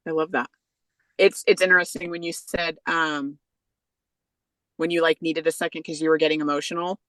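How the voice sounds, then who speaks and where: A woman author chatting on a podcast, heartfelt and a little halting, with many fillers. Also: low voice, level tone, a bit bright, no echo, poor audio. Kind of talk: casual podcast chat.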